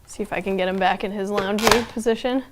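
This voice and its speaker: Casual female instructor, live online class, relaxed chatty delivery with lots of "um"s and laughs. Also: medium pitch, fast talker, noisy background. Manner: chatty, loose, with frequent fillers and laughs. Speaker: anthropology instructor.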